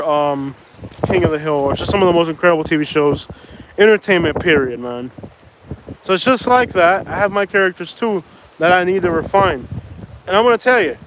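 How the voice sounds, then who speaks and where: High-voiced man rambling on a windy jetty. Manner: rambling, says "bro" and "like". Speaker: live streamer. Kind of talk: casual live-stream chat. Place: outdoors at a jetty. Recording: wind noise on outdoor mic.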